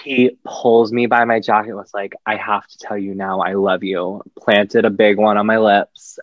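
A young man co-hosting a podcast in casual chat, expressive and dramatic as he tells stories. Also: dry recording. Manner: expressive, dramatic storytelling, quick swings into high voices. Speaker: podcast co-host. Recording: dull lo-fi dry sound.

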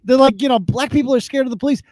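A man's voice: very high voice, racing, a little mellow, dry recording. A man hosting a live podcast, commenting bluntly and mockingly on viral videos with plenty of swearing. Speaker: podcast host.

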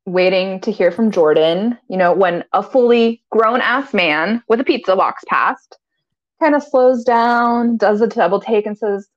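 A woman's voice: mid-range voice, a little slow. A woman co-hosting a podcast, recapping a TV episode in casual chat. She giggles often and quotes the characters in voices. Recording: slightly dull lo-fi sound.

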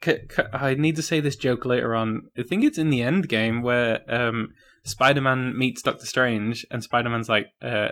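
A man's voice: medium pitch, moderate pace, hardly any pauses, fairly bright tone. Laughing man rambling through a film review. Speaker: podcast co-host. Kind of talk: casual film review chat.

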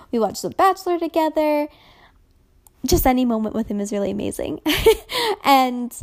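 A young woman in her twenties speaking softly and emotionally in a personal reflective vlog, at times dropping to a whisper. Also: a little high. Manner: slow, soft-spoken and emotional, drops to whispers at times.

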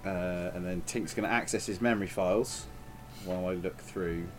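A man's voice: deep voice, normal speed, faint music behind. A man playing a tabletop game, casually explaining what his character does. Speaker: player.

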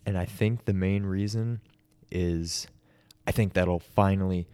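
Deep-voiced man on a podcast. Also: fairly even intonation, unhurried, a little mellow, smooth, no echo. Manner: opinionated, rambling talk. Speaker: podcast co-host. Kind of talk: casual chat.

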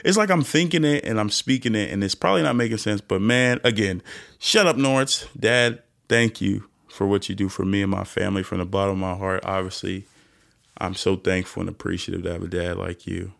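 A young man hosting a solo podcast rant, animated and self-interrupting, swinging between loud bursts and hushed asides. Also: sits low, brisk, creaky. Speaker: podcast host. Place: indoors, lying down recording at home.

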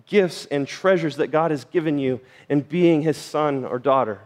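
A man's voice: a little high, normal speed, a little mellow. A middle-aged man preaching a sermon as pastor, speaking earnestly and directly to the congregation. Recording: church hall reverb.

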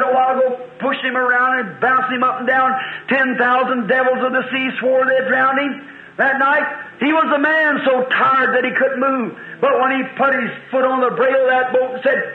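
A man preaching a fervent revival sermon, with rhythmic refrains and drawn-out key words, heard on an old archive tape. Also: extremely high pitch, narrow, tinny audio. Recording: echoey, phone-thin old archive tape.

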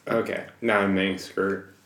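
A woman's voice: very deep voice, flat delivery, moderate pace, fairly bright tone, reverberant. A woman co-hosting a podcast, making dry sarcastic comments in casual chat. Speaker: podcast co-host.

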